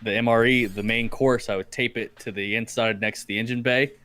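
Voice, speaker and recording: A man's voice: mid-range voice, fairly even intonation, a little fast, pushed and bright. A young man hosting a podcast, telling crude, profane stories with lots of laughter in casual chat. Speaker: podcast host.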